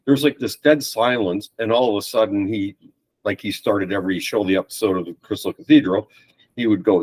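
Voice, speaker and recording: A man's voice: on the low side, quick pace, breathy edge, rough recording. A man, a podcast guest telling stories in casual chat and acting out other people's lines. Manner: animated anecdotes with quoted voices.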